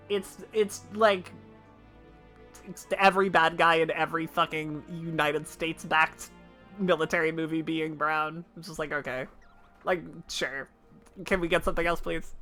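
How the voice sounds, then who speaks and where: A young adult woman streamer chatting casually and opinionatedly during a live game stream, full of fillers and quick laughs. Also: sits low, fairly even intonation, a bit bright, soft background music.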